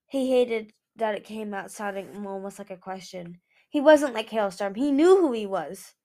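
A woman reading a novel aloud in a plain, steady way with small slips. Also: mid-range voice, moderate pace. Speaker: fan audiobook reader.

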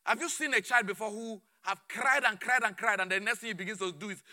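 Fervent high-voiced male preacher. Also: quick pace. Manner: fervent, repeats phrases, swings between shouting and low murmurs. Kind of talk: sermon.

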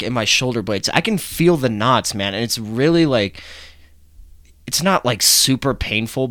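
A man's voice: medium pitch, fairly bright tone, no echo, studio quality. A young man hosting his own podcast, talking casually in a rambling, chatty way and swearing offhandedly. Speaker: podcast host. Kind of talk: casual solo podcast talk.

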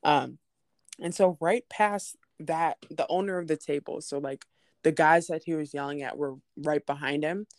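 A woman's voice: sits low, steady tone, moderate pace, no room sound, clean studio sound. A young woman telling a story in casual chat, laughing often and acting out the people she quotes. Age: young adult.

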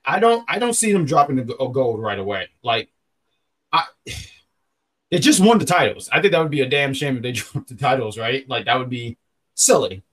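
A man's voice: mid-range voice, expressive, moderate pace, fairly bright tone. A man hosting a podcast in casual, rambling chat, often stopping to correct himself. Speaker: podcast host.

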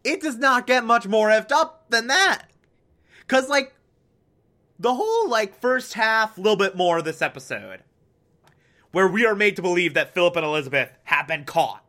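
A man giving a casual, animated TV episode recap, full of fillers and swearing, acting out characters' lines as he goes. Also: high voice, moderate pace. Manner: animated, swears, many fillers, acts out quotes. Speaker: TV show reviewer.

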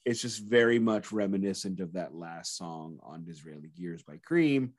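Man, podcast co-host, lowish voice, measured dry delivery, casual chat. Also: animated. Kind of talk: casual music review chat.

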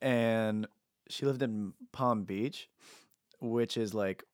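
Brief: young man, relaxed podcast guest, stop-start delivery, dry close mic. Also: lowish voice, no room sound. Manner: halting, laid-back, trails off. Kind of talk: casual podcast chat.

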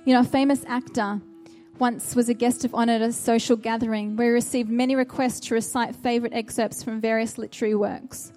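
Woman preacher with a soft, mellow voice. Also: a little high, flat delivery, a little fast, hardly any pauses, soft background music. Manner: earnest, exhorting with rhetorical questions. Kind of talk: sermon.

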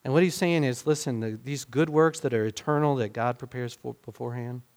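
A male pastor giving a sermon in a conversational way, often restarting phrases and swinging between loud emphatic bursts and quiet asides. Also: mid-range voice, a little fast.

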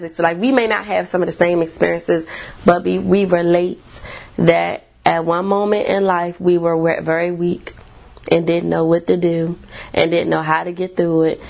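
A woman therapist and podcast host telling a personal story in a blunt, profane, animated way. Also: on the low side, vocal fry. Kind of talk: storytelling monologue.

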